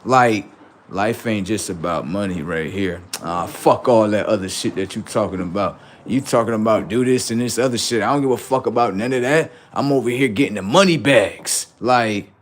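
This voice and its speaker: A man hosting a livestream, telling casual stories to his viewers in an animated way, swearing freely and acting out voices. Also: fairly low pitch, moderate pace, a little hiss or hum. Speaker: livestream host.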